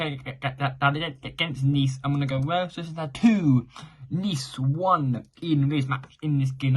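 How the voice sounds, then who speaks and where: A man giving casual, unscripted football predictions, rambling, correcting himself and repeating phrases as he goes. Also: mid-range voice. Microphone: mic for home recording.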